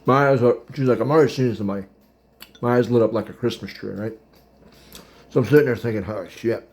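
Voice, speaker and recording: A Pittsburgh-area man in his thirties, hosting a podcast, shares a loose, chatty tale of his dating past, munching as he goes and laughing at his own story. He talks briskly at medium pitch, with a slightly mellow sound, in a casual storytelling style.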